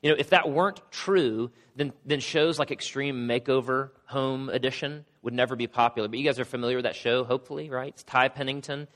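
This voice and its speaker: A middle-aged male pastor with a cold and a hoarse voice, preaching a sermon with casual joking asides. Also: mid-range voice, fairly even intonation, a little fast, few pauses, fairly bright tone. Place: church sanctuary. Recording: long hall reverb.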